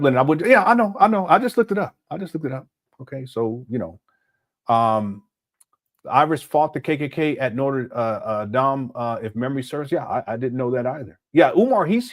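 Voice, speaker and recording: A man hosting a live stream in a relaxed, conversational way. He reads viewers' messages aloud and answers them, often thinking out loud. His voice sits at an ordinary middle pitch. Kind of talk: casual commentary live stream.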